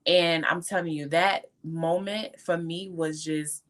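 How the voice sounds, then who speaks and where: Guest: fervent woman with a low voice, emotional testimony, close to tears. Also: fairly even intonation, slow pace, fairly bright tone. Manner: fervent, faith-filled, tearful. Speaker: guest entrepreneur.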